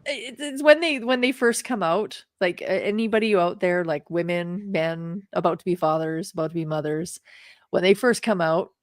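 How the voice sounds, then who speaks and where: A woman's voice: lowish voice, normal speed, no room sound, studio quality. A middle-aged woman co-hosting a casual chat, telling stories in an emphatic, chatty way. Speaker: podcast co-host.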